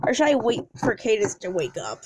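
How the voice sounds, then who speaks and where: A woman's voice: a little high, very animated, brisk, very noisy. A woman voicing a cheerful young husband and doting dad who talks eagerly and giggles.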